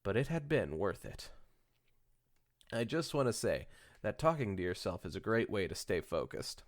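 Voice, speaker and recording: A low-voiced man reads fan fiction aloud for a podcast, breaking off for casual jokes with his co-host. His pitch moves around a lot, and he trips over words and corrects himself as he reads. The feel is relaxed, loose banter. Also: moderate pace. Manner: joking, stumbles and corrects himself while reading.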